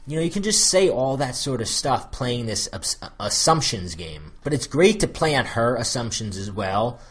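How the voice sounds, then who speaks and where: Relaxed and rambling, a dating coach from the United States gives casual spoken advice at a normal speed. His husky, slightly breathy voice sits at an ordinary male pitch, and his loose, chatty delivery is full of fillers.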